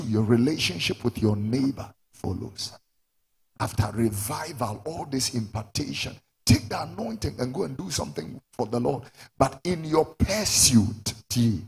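Ghanaian male preacher, husky and raspy, lively pitch, sermon delivery. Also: unhurried. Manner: switches to shouting for emphasis.

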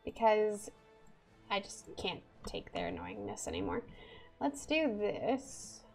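A woman's voice: mid-range voice, huge pitch swings, slow pace, faint music behind. A woman giving casual let's-play commentary while building a city, chatty and exasperated, talking to herself and to the game. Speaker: gamer.

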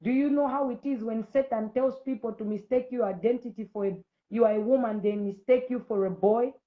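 A woman's voice: on the high side, fairly even intonation, fairly quick, phone-quality sound. A woman in her late thirties giving a fervent live-stream testimony, preaching and scolding commenters directly. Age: late 30s. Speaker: Christian ministry host.

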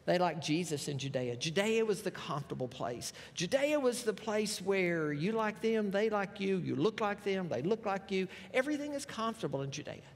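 A man preaches in a high, ringing voice, telling the scripture as a lively story with folksy asides. His words trail off into the long reverb of a church sanctuary. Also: moderate pace, few pauses. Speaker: pastor. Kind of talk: sermon.

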